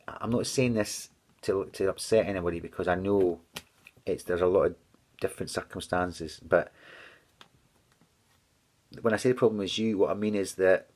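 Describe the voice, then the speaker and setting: A man speaks in a low-pitched voice as he preaches, giving a personal testimony. He talks in an earnest, halting way, breaking off and restarting his sentences. At times he is close to tears. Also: darkish tone.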